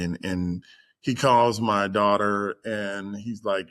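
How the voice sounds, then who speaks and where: A man's voice: on the low side, steady tone, slow, fairly bright tone. A middle-aged man, a guest on the show, tells a personal story in conversation. He speaks with frequent fillers and acts out the voices of the people he quotes. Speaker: guest executive.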